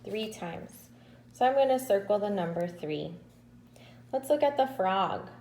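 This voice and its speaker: A woman's voice: mid-range voice, expressive, mellow, roomy sound, a little hiss or hum, rough recording. A woman teaching kindergarteners in a recorded lesson, speaking patiently and stretching out syllables. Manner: slow, patient, drawn-out syllables. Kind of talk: recorded remote lesson to children.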